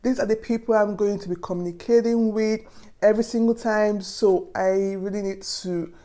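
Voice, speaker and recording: A woman's voice: mid-range voice, steady tone, moderate pace, warm tone. A young woman from Nigeria with a Nigerian accent, giving earnest, chatty advice to her viewers in a casual vlog. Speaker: vlogger.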